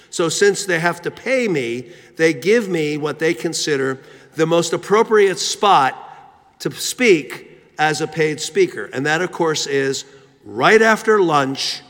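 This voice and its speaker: A man's voice: a little high, fairly bright tone. A man preaching a sermon, telling a story with rhythmic repetition. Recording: long hall reverb.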